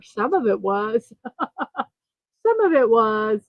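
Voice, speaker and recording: A woman's voice: on the high side, animated, extremely slow, long pauses, slightly rough, no room sound, muffled recording. A woman hosting a casual livestream morning show, chatting, reading viewer comments aloud and fumbling a little with numbers.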